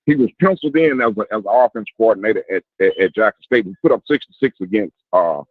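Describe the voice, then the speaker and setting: A man's voice: on the low side, expressive, fast, no echo, narrow, tinny audio. A man calling into a sports show, mocking a rival team with heated trash talk. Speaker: caller.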